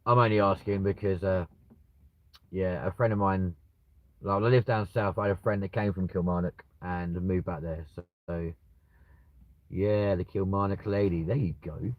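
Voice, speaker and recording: Chatty man in his twenties, low voice. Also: moderate pace, lo-fi sound. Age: 20s. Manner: chatty and rambling, casual swearing, bursts of excitement. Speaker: livestream host. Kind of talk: casual live chat reading viewer comments.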